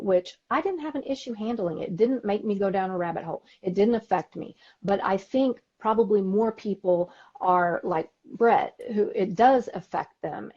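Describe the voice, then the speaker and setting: A woman with a Texan accent, co-hosting a podcast in casual chat, talkative and quick to laugh, acting out quotes as she tells stories. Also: medium pitch, mellow, highs cut off. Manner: chatty, laughs often, acts out quotes. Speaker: podcast co-host. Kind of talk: casual chat on a live stream.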